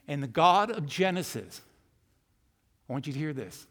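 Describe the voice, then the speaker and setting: A man preaching a sermon who acts out voices and swings from loud to hushed. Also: on the high side, sing-song, normal speed, in a large hall. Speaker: pastor. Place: church.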